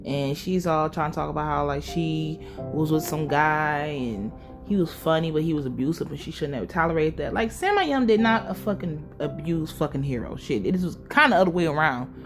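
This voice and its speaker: A woman giving a casual, sassy and profane recap of a TV episode with lively asides. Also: low voice, fairly quick, soft background music. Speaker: show recap host.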